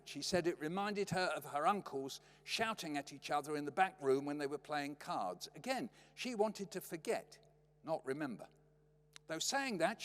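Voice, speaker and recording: An older man giving a storytelling lecture in a wry, anecdotal way, heard in a lecture hall. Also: fairly high pitch. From Britain. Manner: wry, anecdotal, lively delivery. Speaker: lecturer, poet. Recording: long hall reverb.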